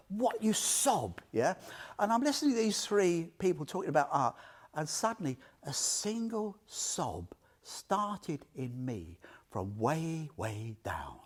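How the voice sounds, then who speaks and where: A man's voice: fairly high pitch, very animated, takes it slowly, husky. An older man giving an informal Buddhist talk, chatty and heartfelt, often checking in with "yeah?" and "you know". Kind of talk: informal Dharma talk with personal stories.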